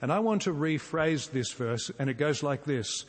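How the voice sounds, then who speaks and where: A man preaching a sermon, earnest and emphatic, repeating key phrases and dropping suddenly soft to drive a point home. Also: on the high side, animated, normal speed. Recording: long reverb from a large hall.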